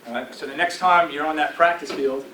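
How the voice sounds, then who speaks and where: A man in his forties speaks to a room full of players in a direct coaching voice, his tone sitting a little high for a man. He is recorded from a distance, so his voice bounces around a roomy space over a faint background hum. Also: fairly even intonation, a little fast. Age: 40s. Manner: direct, coaching tone with frequent "all right?" and "right?". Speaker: guest speaker addressing a football team. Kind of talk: motivational talk. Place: team meeting room. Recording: roomy echo from afar with faint ambience.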